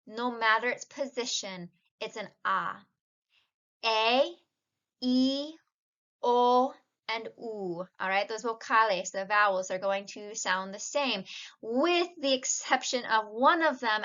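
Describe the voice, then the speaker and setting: A woman's voice: a little high, measured pace, bright, forceful tone, muffled recording. A woman teaching a casual video lesson, patiently explaining and mixing Spanish words into her English.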